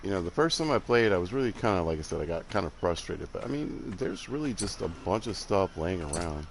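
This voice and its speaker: An older man with a Southern accent, softened by years in the Midwest, rambles in a laid-back way as he plays a game. His voice sits low, and faint noise runs under it. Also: sing-song, fairly quick, vocal fry. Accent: Southern US with some Midwestern. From Alabama, southern United States. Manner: rambling, laid-back, chuckling, drifts off while building. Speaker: game streamer. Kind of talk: casual chat while playing.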